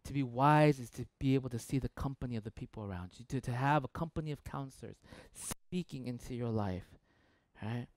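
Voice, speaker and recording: A young man preaching a sermon as pastor, animated and playful, acting out the voices of people he quotes. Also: medium pitch, brisk.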